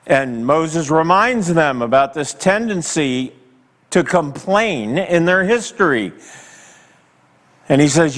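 A man preaches to a congregation, leaning hard on each phrase and letting long pauses hang. His voice rises and falls widely and sits a little higher than most men's. A long reverb trails every line, like a large sanctuary. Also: expressive, a bit bright. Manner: slow, emphatic preaching with dramatic pauses; asks the congregation direct questions. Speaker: pastor. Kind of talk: sermon.

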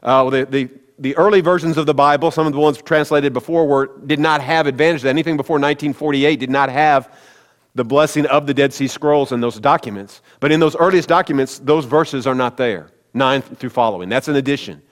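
A man's voice: medium pitch, a little fast. A man preaching a sermon as pastor, talking conversationally and speaking directly to his congregation. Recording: long hall reverb.

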